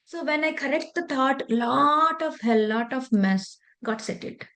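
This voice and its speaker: A woman's voice: high voice, measured pace, a bit bright. A woman, teaching meditation in an earnest, conversational way with a personal story. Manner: earnest, conversational, loose grammar. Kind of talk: spiritual lesson with personal story.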